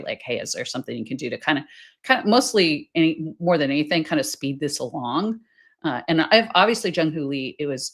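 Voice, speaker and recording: A woman reporter as a podcast guest, talking things through with hedges and fillers. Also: deep voice. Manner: thoughtful, hedging with fillers. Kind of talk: casual podcast chat.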